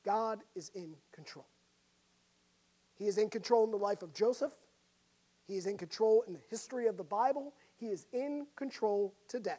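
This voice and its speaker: A woman preaching a sermon, telling a story dramatically and swinging between loud and soft. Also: medium pitch, brisk.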